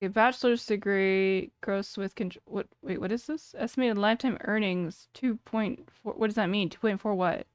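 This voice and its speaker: A woman's voice: medium pitch, steady tone, moderate pace, few pauses, clean tone, no room sound, studio quality. A woman in her thirties reacting on a live stream, thinking aloud in a chatty way with many fillers and self-corrections. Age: 30s. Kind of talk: casual live-stream commentary.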